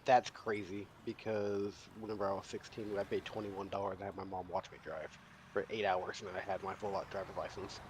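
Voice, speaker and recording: A man from Texas with a Texan accent, chatting casually as a co-player in a game stream with quick offhand remarks. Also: low voice, little pitch movement, darkish tone, a little hiss or hum. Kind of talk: casual chat while gaming.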